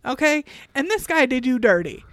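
A woman's voice: high-pitched, very animated, normal speed, no room sound. A woman co-hosting a podcast, recapping a reality show in casual chat, sardonic and chatty with frequent laughs and ums. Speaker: podcast co-host.

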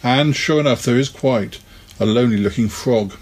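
A man casually talking through an old children's annual and reading from it, relaxed and chatty with plenty of ums and asides. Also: mid-range voice, normal speed. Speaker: video host reviewing a vintage annual. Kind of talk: casual rambling commentary and read-aloud.

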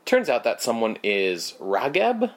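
Swinging hugely in pitch from a mid-range base, a man speaks without hurry as he co-hosts a podcast. He rambles through a casual movie recap, dropping fillers and sarcastic comments.

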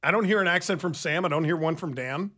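A man from the American Midwest with a Midwestern accent, hosting a radio talk show and joking with his co-hosts. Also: fairly high pitch. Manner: animated, joking, quick to laugh. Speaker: radio host.

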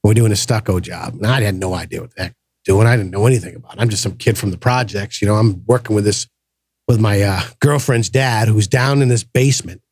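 A man hosting a podcast, telling a personal story in a casual, animated way and acting out the voices of the people in it. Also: lowish voice, a little fast, slightly rough, no room sound. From grew up in the projects. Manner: animated storyteller, acts out quoted voices, frequent restarts. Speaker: podcast host.

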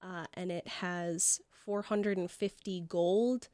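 A woman's voice: lowish voice, fairly even intonation, slow pace, dark tone, no room sound. A woman narrating as game master, casual and rambling with fillers.

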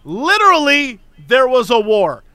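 High, bright-voiced man explaining history. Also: big pitch swings, a little slow, clean tone, dry recording. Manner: explanatory, emphatic. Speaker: podcast co-host. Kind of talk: casual chat.

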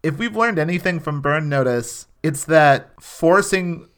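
A man's voice: a little high, measured pace, a bit bright, clean tone. A man chatting casually as a podcast co-host, adding dry asides to the recap. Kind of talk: casual chat.

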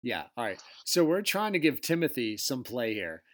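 Guy hosting a loose chat, swears a ton, teasing and animated. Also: mid-range voice, normal speed. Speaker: podcast host. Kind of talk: casual chat.

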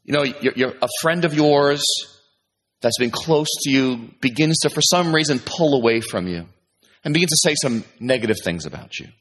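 At a moderate pace, a middle-aged pastor gives an animated sermon. He rises to loud, high emphasis, then drops to soft, low asides, playing out the thoughts of those listening.

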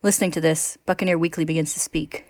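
Her deep, slightly mellow voice stays fairly even as she talks quickly, laughing often while chatting with her podcast partner. She then shifts to reading a story recap aloud at a steady clip, with no room sound in the clip.

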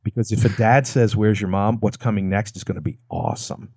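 Low-voiced man explaining persuasion. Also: brisk, gravelly, warm tone, breathy edge, no echo. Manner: demonstrates lines with acted quotes and lowered voice. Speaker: guest expert on persuasion. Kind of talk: explanatory conversational talk.

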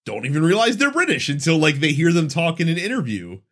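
A man hosts a relaxed chat about video games, his pitch moving up and down as he talks. He asks questions and laughs easily, keeping an easy back-and-forth going. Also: fast. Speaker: podcast host. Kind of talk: casual chat.

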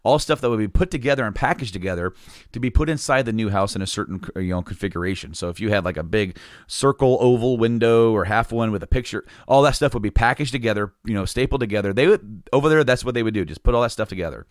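A man with a low-pitched voice tells a long, rambling story in a casual way. He laughs a lot and swears freely, and the sound is dry and close. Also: fast talker, no echo.

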